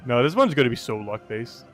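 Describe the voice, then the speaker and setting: A man's voice: medium pitch, very animated, normal speed, faint music behind. A man streaming a game live, chatting casually, reading and greeting chat, and laughing often.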